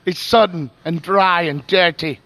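A man's voice: high voice, unhurried, fairly bright tone, no room sound. A man doing a theatrical reading as a lusty man reciting his own filthy love letter, breaking into laughter as he goes. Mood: lewd, theatrical. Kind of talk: dramatic reading.

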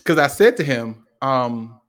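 A man co-hosting a podcast, telling a story in casual chat, restarting often and acting out what people said with sudden jumps in pitch. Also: measured pace. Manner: animated storyteller, acts out quoted lines with jumps in pitch; frequent restarts and repeated words. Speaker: podcast co-host.

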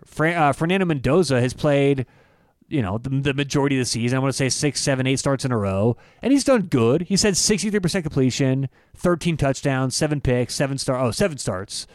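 Male podcast co-host, casual and chatty, works through numbers aloud; slightly high voice, dry sound. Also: no echo. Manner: rambling, self-correcting, lots of numbers. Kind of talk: casual sports betting talk.

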